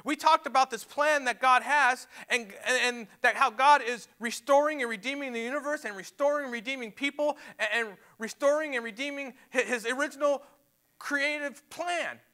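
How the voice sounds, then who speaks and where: High-voiced, bright man preaching. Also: moderate pace. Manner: emphatic, repeats words and restarts phrases. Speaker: pastor. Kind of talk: sermon. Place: church sanctuary.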